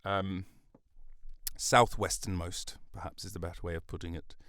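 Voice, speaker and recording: A man's voice: low voice, fairly even intonation, normal speed, fairly bright tone, no room sound. A man hosting a podcast in a studio, talking alone in a loose, jokey, rambling way with self-mocking asides. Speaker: podcast host. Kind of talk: solo podcast monologue. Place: recording studio. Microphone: studio mic.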